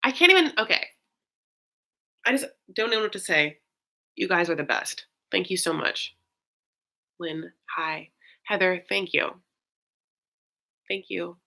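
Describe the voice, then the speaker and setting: Young woman, bright forceful voice, slightly low pitch, rambling livestream chat, lots of "like" and "um". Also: slow pace, vocal fry, pauses often. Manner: rambling, filler-heavy, effusive thanks to viewers. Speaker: host of a live recap stream.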